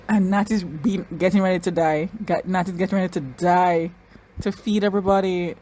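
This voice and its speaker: A woman giving excitable reaction commentary on an episode, bursting into loud exclamations and then rambling quickly through her analysis. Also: fairly low pitch. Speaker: reaction vlogger.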